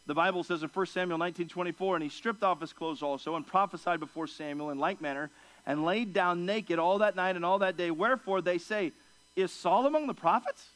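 A man with a fairly high voice preaches a verse-by-verse sermon. He drops low for side remarks, then climbs into loud, excited stretches. He acts out the people he quotes in higher, animated voices. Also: brisk, poor audio. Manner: emphatic, swings from low asides to raised, excited delivery. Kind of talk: expository sermon.

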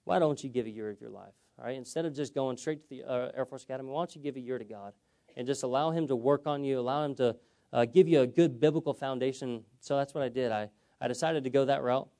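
A young man gives a sermon testimony, telling his story in a relaxed, storytelling way. His voice is mellow and dark, sitting at an ordinary pitch, and he keeps checking in with his listeners. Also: fast. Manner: storytelling, conversational with frequent "okay?" check-ins. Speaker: preacher.

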